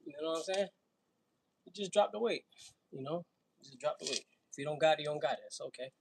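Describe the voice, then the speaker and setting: A man's voice: a little high, fast talker, creaky, slight background noise, low-quality recording. A man from Brooklyn with a New York accent, talking casually and laughing on a fitness livestream between sets. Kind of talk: casual livestream chat while working out.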